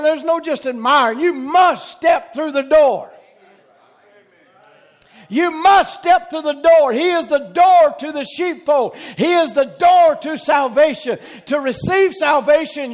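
A middle-aged man with a Southern US accent preaching a sermon, emphatic and repetitive, calling out amen and rising to shouts. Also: extremely high pitch. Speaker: pastor.

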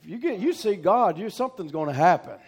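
High-voiced man preaching a fervent sermon. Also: lively intonation, quick pace, breathy edge. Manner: fervent, building to shouts with call-outs to the congregation; folksy storytelling.

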